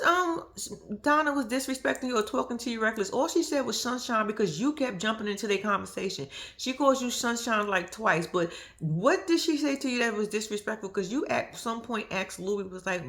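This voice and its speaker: Young woman, reaction vlogger, very animated pitch, curses freely, laughs a lot, acts out quotes. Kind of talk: casual reality-show commentary.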